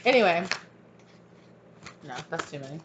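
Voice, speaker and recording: A woman's voice: sits low, animated, normal speed, lo-fi sound, background noise. A woman giving a casual tarot reading to her viewers, rambling and chatty, laughing often and calling them y'all. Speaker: tarot reader.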